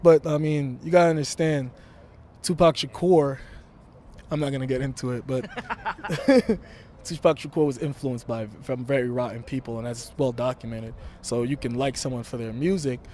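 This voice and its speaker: A man's voice: mid-range voice, dark tone. A young man from Brooklyn, talking brashly and emphatically as a wrestler guest in an interview. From Brooklyn, New York. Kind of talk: interview talk.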